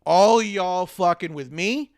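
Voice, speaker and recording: A man putting on a slow, drawling impression of a huge, blustering male wrestler. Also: sits high, darkish tone, no echo, studio quality.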